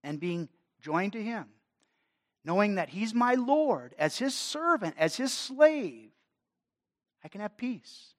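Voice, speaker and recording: Male pastor, sermon delivery, dynamic swells and hushed drops. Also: high-pitched, sing-song, takes it slowly. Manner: dynamic preaching, swelling and dropping in force.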